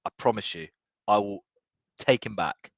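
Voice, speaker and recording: A young man watching a football match live, tipsy, swearing and swinging from low muttering to excited yelling. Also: moderate pace, creaky, dry recording, dull audio. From United Kingdom. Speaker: football fan streamer.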